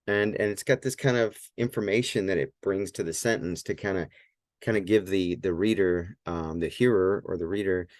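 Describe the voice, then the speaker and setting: Male language teacher, low voice, stop-start delivery with many fillers, sounds out phrases slowly, dry close sound. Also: a little mellow, no room sound. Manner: halting, full of fillers and self-corrections. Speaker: Greek teacher. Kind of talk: whiteboard grammar lesson.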